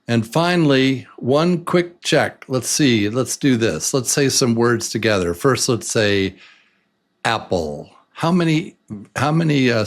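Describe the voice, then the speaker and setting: A man teaching English to beginners, saying words slowly and breaking them into beats in an encouraging, patient way. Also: mid-range voice. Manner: slow, drawn-out words broken into beats. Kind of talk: slow beginner lesson.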